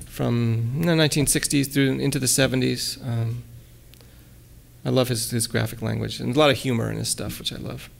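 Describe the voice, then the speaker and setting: A man giving a relaxed lecture at a college, hesitating often with ums and restarts and reading his own poems aloud. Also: mid-range voice, moderate pace, vocal fry. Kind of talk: casual lecture with poem readings.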